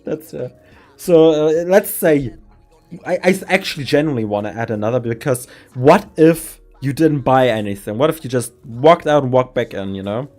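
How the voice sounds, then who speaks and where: A native German speaker from Germany hosts a stream while planning a campaign as game master, rambling and giggling in quick bursts. His mid-range voice is a little mellow, with soft music playing in the background.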